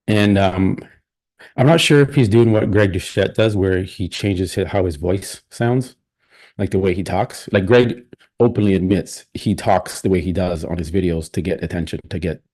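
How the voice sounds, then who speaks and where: Low, dark-voiced male stream host. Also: husky. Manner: rambling and opinionated, many restarts. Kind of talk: casual live stream commentary.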